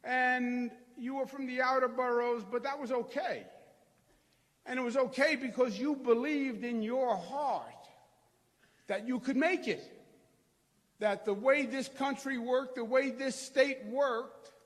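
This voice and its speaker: A man's voice: extremely high pitch, steady tone, slow, fairly bright tone. A middle-aged man from New York with a Queens accent, giving a rousing, folksy political rally speech as governor to a crowd. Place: large hall before a crowd. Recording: long hall reverb.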